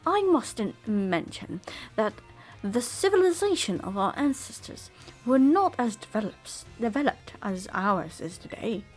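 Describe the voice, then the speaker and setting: A woman's voice: on the high side, sing-song, a little slow. Woman voicing a pompous teacher, made-up accent, lecturing, raised voice, faint game music.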